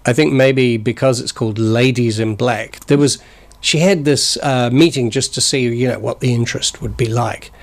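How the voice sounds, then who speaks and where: A man's voice: medium pitch, normal speed, few pauses. A man in his sixties, born in the north of England and raised in New Zealand, chatting in a rambling, jokey way as a studio guest. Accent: New Zealand with northern English traces. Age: 60s. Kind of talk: casual chat. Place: community TV studio.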